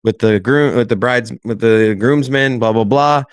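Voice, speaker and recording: A man's voice: medium pitch, normal speed, clean tone, dry recording. Teasing young man, dry mic. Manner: teasing, acts out scenes in voices. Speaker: podcast co-host. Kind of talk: casual chat.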